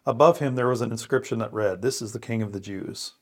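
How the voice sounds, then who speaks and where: A man praying, reading scripture aloud and reflecting in an earnest, thoughtful way. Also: mid-range voice. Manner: earnest, thoughtful, with pauses and restarts. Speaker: co-host of a scripture podcast.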